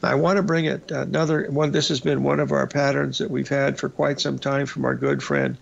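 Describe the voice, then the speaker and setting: A male radio host giving casual market commentary over charts, folksy and rambling, with a raspy voice and lots of "uh" and "folks". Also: medium pitch, little pitch movement, moderate pace. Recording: slightly dull lo-fi broadcast audio.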